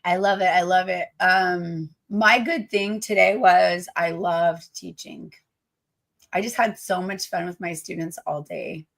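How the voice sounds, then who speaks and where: Woman teacher, hoarse, gravelly voice, gushing livestream host. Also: lowish voice, steady tone, unhurried, a bit bright. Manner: gushing, affectionate to viewers. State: hoarse from damaged vocal cords. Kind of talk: casual livestream chat.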